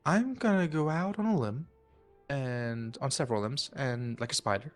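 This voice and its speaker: A man's voice: mid-range voice, normal speed, soft background music, close to an everyday voice. A man voicing a jittery male scholar who has been holed up in tunnels, stammering and flustered. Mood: earnest.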